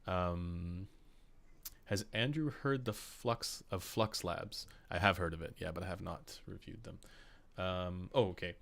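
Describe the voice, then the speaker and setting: Low gravelly Canadian man, chatty. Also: unhurried, fairly bright tone. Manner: chatty, laughs often, many fillers. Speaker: podcast host. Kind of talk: casual live-stream chat.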